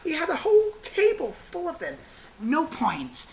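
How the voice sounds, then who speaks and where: Animated middle-aged man telling prison stories. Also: extremely high pitch, measured pace, vocal fry. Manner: animated storyteller, fillers like 'like'. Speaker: prison guard. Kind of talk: documentary interview storytelling.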